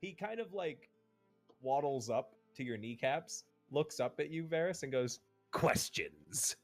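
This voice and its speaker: A man's voice: on the high side, expressive, normal speed, darkish tone, faint music behind. A man narrating as game master for a tabletop game, playfully voicing the characters.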